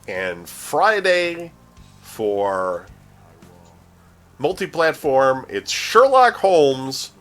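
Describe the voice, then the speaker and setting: A man's voice: on the high side, big pitch swings, very slow, long pauses, a bit bright. A man hosting a casual gaming news show, joking and laughing as he reads the week's releases. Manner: jokey, laughs often, stumbles over names. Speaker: news host. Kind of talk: casual podcast chat reading news.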